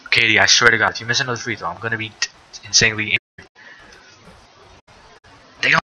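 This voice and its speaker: A man's voice: fairly low pitch, fairly even intonation, quick pace, bright, forceful tone. A young man streaming live commentary on a simulated basketball game, swearing and breaking into exasperated outbursts. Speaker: sim league streamer. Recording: dull lo-fi mic with faint noise.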